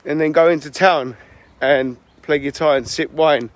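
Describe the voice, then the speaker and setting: A man voicing an eager, pushy male business executive in a told story, talking in a fast, persuasive pitch. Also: fairly even intonation, natural voice.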